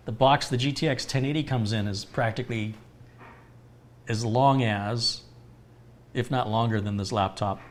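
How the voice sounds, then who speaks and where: A man's voice: mid-range voice, normal speed, pauses often, a little hiss or hum. An American man hosting a live computer repair stream, explaining hardware with everyday analogies as he answers viewer questions. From United States. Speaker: computer repair livestream host.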